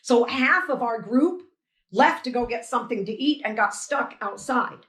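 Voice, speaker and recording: Lively, higher-voiced woman in an echoey room. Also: normal speed.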